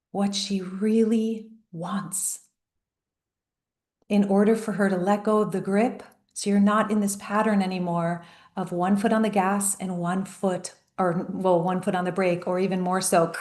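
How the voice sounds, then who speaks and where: A woman life coach giving a motivational talk, emphatic and storytelling, slowing down on key phrases. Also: mid-range voice, a little mellow, roomy sound.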